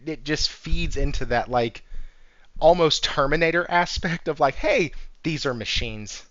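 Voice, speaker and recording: A man's voice: medium pitch, fairly bright tone, no room sound. Man, gaming stream host, rambling casual chat, dry close sound, slightly dull recording. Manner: rambling, chuckles often, reads chat aloud.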